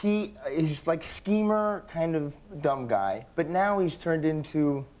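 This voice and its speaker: A young adult man, an actor guest on a talk show, telling stories in a casual, animated way and acting out the voices in them. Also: fairly high pitch, takes it slowly. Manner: animated storyteller, acting out voices in his anecdotes.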